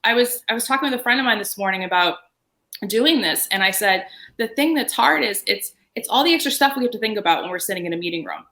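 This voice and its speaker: A woman speaking on a panel, telling animated stories about her security work. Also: on the high side, fast talker. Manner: animated storytelling, quoting herself and others. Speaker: guest panelist. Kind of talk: panel discussion.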